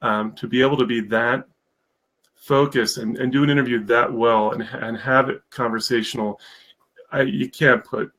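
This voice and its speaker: A man's voice: medium pitch, steady tone, normal speed, fairly bright tone, rough recording. A man talking as a guest on a live stream, enthusiastic and rambling, with many fillers. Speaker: guest, mentorship program founder. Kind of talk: casual live-stream interview.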